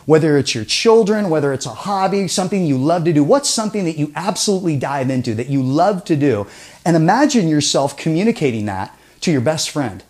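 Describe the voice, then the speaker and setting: A communication trainer runs a persuasion seminar with animation, his fairly high voice rising and falling a lot and moving a little fast. He fires rhetorical questions at the audience and sinks to a near-whisper to drive a point home.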